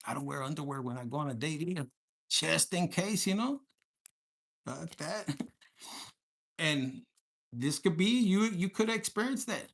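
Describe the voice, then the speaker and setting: A man's voice: on the high side, lively intonation, unhurried, vocal fry, long pauses, fairly bright tone. A man giving a casual tarot reading for viewers, talking in a crude, profane, joking way and mixing in Spanish slang. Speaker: tarot reader.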